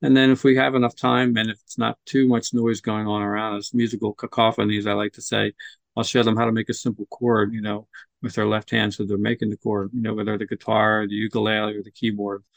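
A man's voice: lowish voice, flat delivery, quick pace, vocal fry, no room sound. A man talking as a guest on a podcast interview, chatty and encouraging, sometimes acting out what children say. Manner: chatty, encouraging, acts out kids' voices. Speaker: guest, music nonprofit leader.

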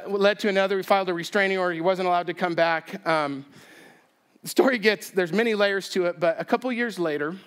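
A man preaching a sermon, telling a story with self-deprecating humor and an animated, chatty delivery. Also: high-pitched, clear, resonant tone. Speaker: pastor. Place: church sanctuary.

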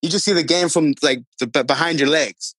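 Podcast co-host, animated storyteller, swears a lot, fairly high voice, close dry mic. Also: male voice, a little fast, husky, no echo. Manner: profane, animated, acts out voices of others. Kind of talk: casual storytelling among friends.

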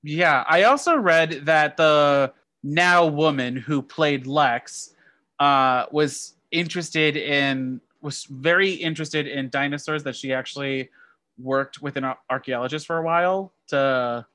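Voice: mid-range voice, a little slow, pushed and bright, dry recording. A podcast co-host sharing movie trivia in casual chat, often restarting sentences and correcting themselves. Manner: rambling, self-correcting delivery.

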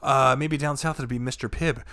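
A man who does stand-up, chatting as a podcast guest, swearing freely and riffing excitedly. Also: mid-range voice, normal speed, dry recording, clean studio sound. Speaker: comedian guest. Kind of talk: casual chat.

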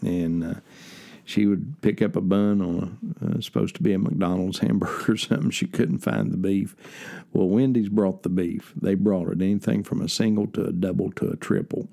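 Gravelly, low older man with folksy rambling. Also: fairly even intonation, normal speed, mellow. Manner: folksy and rambling, with frequent fillers and personal asides. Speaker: host. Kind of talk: casual spoken monologue. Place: lives in central Ohio.

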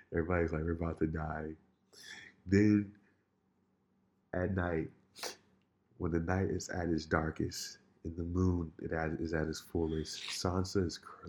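A man in casual chat, telling a story in an animated, rambling way with many restarts. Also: deep voice.

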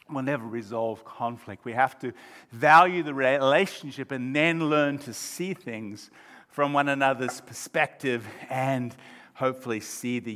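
Preaching as pastor, this man in his fifties speaks at medium pitch, his sermon swinging between hushed, reflective passages and loud, emphatic outbursts.

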